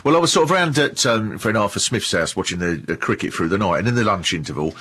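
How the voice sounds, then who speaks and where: A man's voice: lowish voice, lively intonation, fast talker, a bit bright, a little hiss or hum. A man in casual radio chat, telling long, rambling anecdotes with lots of laughing.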